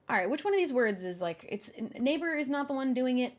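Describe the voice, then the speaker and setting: A young adult woman streaming, chatting casually with her viewers in an animated, often exasperated way and laughing a lot. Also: high voice, quick pace. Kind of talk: casual live-stream chat.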